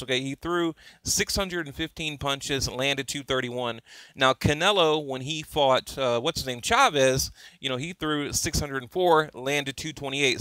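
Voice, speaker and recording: A man talking casually to his YouTube viewers about boxing, excitable and rambling, full of fillers and restarts. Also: fairly high pitch, no room sound. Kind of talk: casual fan commentary to camera.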